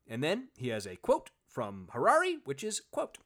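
A man's voice: medium pitch, huge pitch swings, normal speed, few pauses, fairly bright tone. A man co-hosting a podcast, chatting casually and reading book passages aloud with sardonic asides. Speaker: podcast co-host.

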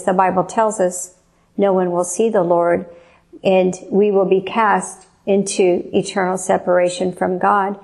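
Female preacher, gravelly edge, earnest testimony delivery. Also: mid-range voice, darkish tone. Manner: earnest, slow and emphatic. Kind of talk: testimony sermon.

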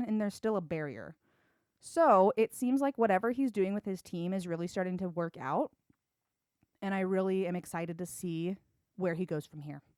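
A woman's voice: mid-range voice, smooth, dry recording, studio quality. A young woman hosting a solo sports podcast, chatty and opinionated, with casual swearing. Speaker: podcast host.

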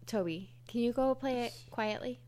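A woman's voice: a little high, moderate pace, a little mellow. A woman co-hosting a podcast over a remote call, easygoing, with dry asides. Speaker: podcast co-host. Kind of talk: casual chat.

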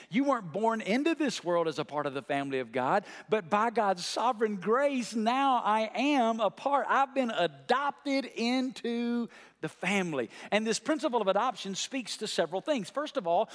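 A man preaching a sermon, telling a story and building to shouted climaxes. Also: high-pitched. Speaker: pastor. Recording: reverberant large hall.

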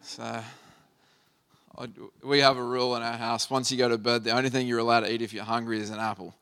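A man's voice: medium pitch, level tone, quick pace, fairly bright tone, clean tone. A man in his thirties, a pastor, preaching a sermon by telling a personal family story in a conversational, earnest way.

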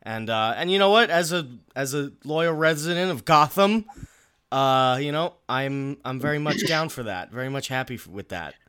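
A man's voice: medium pitch, lively intonation, normal speed, pushed and bright, clean tone. A man hosting a casual chat, joking and rambling with frequent restarts.

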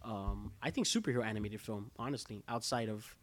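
A man's voice: on the low side, fairly quick, slight background noise. A man co-hosting a podcast in casual chat, rambling with lots of fillers and restarts. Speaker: podcast co-host.

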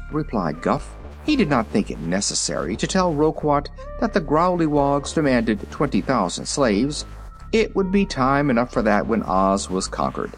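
Guy reading a storybook out loud, lots of up and down in his voice. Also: medium pitch, unhurried, soft background music, rough recording. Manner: expressive reading with character voices. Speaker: audiobook reader. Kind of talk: scripted storybook narration.

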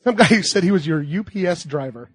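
A man's voice: fairly high pitch, quick pace, slightly rough, dry recording. A man co-hosting a podcast, chatting casually and telling stories with lots of laughter. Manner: animated storyteller, laughs often, yells in retellings. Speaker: podcast co-host; teacher. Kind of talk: casual chat.

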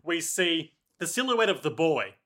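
Bright higher-voiced guy recapping a show with a friend, jokey. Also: sing-song. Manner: joking, quick asides, acts out voices. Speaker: podcast co-host. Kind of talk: casual recap chat.

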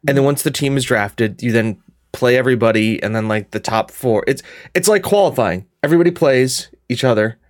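A man co-hosting a podcast in casual chat, rambling with many restarts and quick asides. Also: mid-range voice, dry recording, studio quality. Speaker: podcast co-host and gaming video creator.

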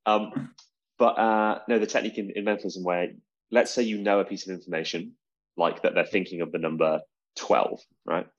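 A man's voice: low voice, steady tone, normal speed. A British man hosting a podcast, chatting casually about magic in a rambling, self-mocking way. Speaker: podcast host. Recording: dull lo-fi sound.

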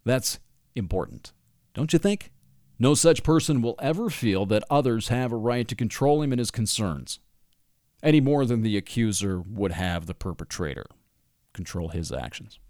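A man's voice: lowish voice, animated, normal speed, darkish tone, no echo, clean studio sound. A man delivering an opinionated monologue, reading passages aloud from a book and breaking in with sarcastic asides and laughs.

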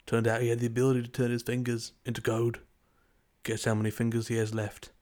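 A man playing in a tabletop game, dropping deadpan comic asides. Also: medium pitch, fast talker. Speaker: player. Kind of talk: playful tabletop role-play banter.

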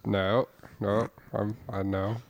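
Low-voiced man pitching absurd ideas. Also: little pitch movement, takes it slowly, creaky. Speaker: podcast co-host. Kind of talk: improvised comedy bit.

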